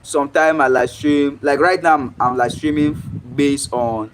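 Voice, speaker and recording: A man's voice: on the high side, steady tone, moderate pace, noisy background. A man with a Nigerian accent talking casually on a live stream, explaining things step by step and checking in with "right?".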